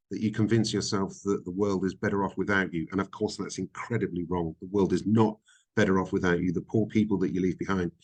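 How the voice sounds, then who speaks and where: A middle-aged man talks openly as an interview guest. His voice sits a little low, and he speaks reflectively, often pausing with ums and restarting his sentences. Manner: reflective, frank, halting with frequent ums. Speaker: podcast guest. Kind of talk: candid interview conversation.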